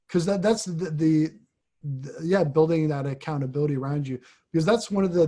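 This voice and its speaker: Priest host guy chatting, kinda higher voice, keeps repeating words while thinking. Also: a little mellow. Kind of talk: casual conversation.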